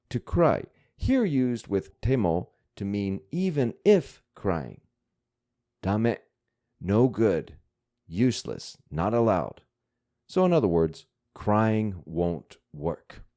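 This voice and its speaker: A man explaining vocabulary to learners at an unhurried pace. His voice is low and warm, and his pitch moves around a lot. He works through the grammar patiently and methodically. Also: sing-song. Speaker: language teacher.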